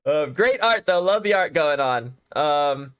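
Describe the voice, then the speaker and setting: A man streaming a game, chatting casually and getting excitable, with playful sound effects. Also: fairly high pitch, measured pace, smooth, no echo. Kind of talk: casual gaming chat.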